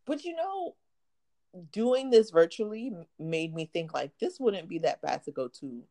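A woman's voice: lowish voice, very animated, a little slow, mellow. A woman chatting casually as a co-host, playful and teasing, laughing easily. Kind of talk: casual chat.

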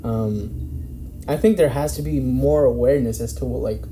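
A man's voice: mid-range voice, normal speed, mellow. A man in casual discussion, talking in a rambling way, with many fillers and restarts and some swearing. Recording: echoey room with faint background noise.

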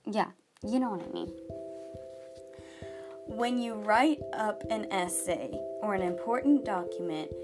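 A woman's voice: mid-range voice, measured pace, long pauses, loud music behind the voice. A teenage girl hosting a podcast, talking in a chatty, exaggerated comedic monologue full of "like". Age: teens. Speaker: podcast host.

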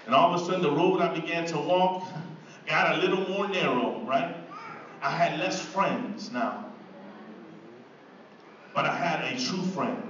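A man's voice: fairly high pitch, background noise. A man preaching a sermon, telling his own story in a conversational way and building to fervent praise. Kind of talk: sermon testimony. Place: church sanctuary. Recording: echoey hall from far off, muffled.

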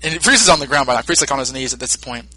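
A man's voice: medium pitch, racing, dry recording. A man co-hosting a podcast, recapping a film in casual chat with lots of laughter. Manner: laughing, animated storytelling. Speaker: podcast co-host.

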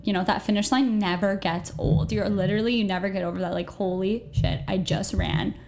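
A young woman hosting a podcast, chatty and animated, using lots of casual filler words. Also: mid-range voice, fairly quick, gravelly. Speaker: podcast host. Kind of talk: casual chat.

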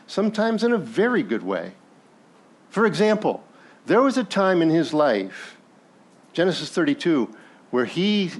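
Lively, animated male pastor preaching. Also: on the high side. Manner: animated, acts out biblical characters in passing; conversational, asks the congregation questions. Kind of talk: sermon.

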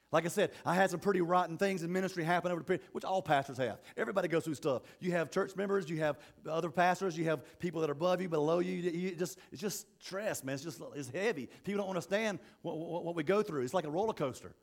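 A man's voice: fairly high pitch, fast. A man preaching a sermon as pastor, impassioned, repeating himself and restarting phrases.

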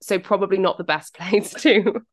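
A woman's voice: mid-range voice, moderate pace. A woman with a British accent, co-hosting a podcast in casual chat, well-spoken and carefully enunciated, with the odd swear. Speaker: podcast co-host.

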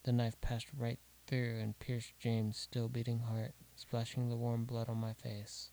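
A man reading a horror story aloud, slow and deliberate, dropping to a hush at grim details. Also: mid-range voice, monotone, low-quality recording. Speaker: narrator. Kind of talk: scripted horror story narration.

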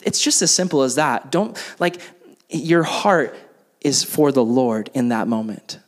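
A young man preaching to a youth group. His voice sits at a middle pitch, and he talks loosely, leaning on "like" and restarts. He moves from casual sermon talk into a softer spoken prayer. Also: measured pace. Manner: casual, filler-heavy preaching with many "like"s. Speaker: youth pastor.

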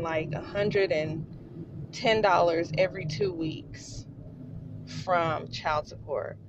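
A woman's voice: fairly low pitch, highs cut off, background noise. A woman hosting a podcast, telling a personal story in a heartfelt way, often speaking straight to her listeners and holding back tears. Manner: heartfelt, addresses listeners as you guys. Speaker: podcast host.

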